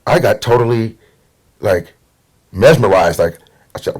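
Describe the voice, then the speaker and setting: A man's voice: fairly low pitch, unhurried, a little mellow, breathy edge. A middle-aged man from Portland, Oregon, telling stories as a guest in a casual conversation and acting out the voices of people he quotes. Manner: easygoing storyteller, acts out quotes.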